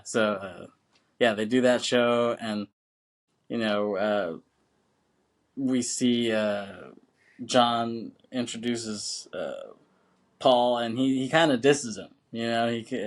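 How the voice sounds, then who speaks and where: Laughing, profane male podcast co-host. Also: medium pitch. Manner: loose and profane, laughs often, acts out quoted lines. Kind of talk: casual film chat.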